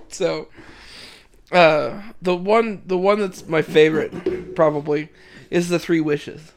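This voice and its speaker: A man's voice: fairly high pitch, fairly even intonation, takes it slowly, a little hiss or hum. A man in casual chat, retelling a story in a rambling way full of fillers.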